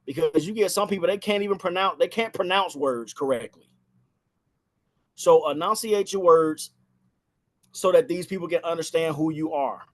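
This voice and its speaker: Guy teaching sales calls from his house, kinda high voice, laid back, repeats stuff a lot. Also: normal speed. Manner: conversational, repeats phrases for emphasis. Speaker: insurance sales trainer. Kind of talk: casual spoken training talk. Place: inside a house.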